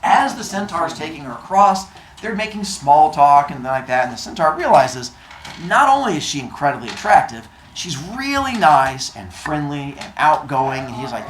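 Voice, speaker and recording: A man teaching, telling a story to his class in a casual, chatty and animated way. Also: a little high, normal speed, echoey room, slight background noise, rough recording.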